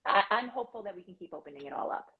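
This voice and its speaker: A woman guest on a casual live-stream chat, playful with quick asides, over a video call. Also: mid-range voice, lively intonation, phone-quality sound. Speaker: guest performer.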